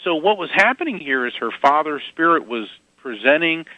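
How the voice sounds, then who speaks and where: A man guesting on an interview, telling lively anecdotes with quick asides and chuckles. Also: on the high side, dry recording, narrow, tinny audio. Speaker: guest psychic medium. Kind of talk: casual interview storytelling.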